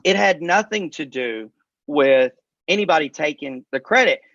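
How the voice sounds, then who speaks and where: High-pitched male co-host, lively storyteller, dull dry sound. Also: moderate pace, dry recording. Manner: animated storytelling, addresses viewers as y'all. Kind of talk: casual chat.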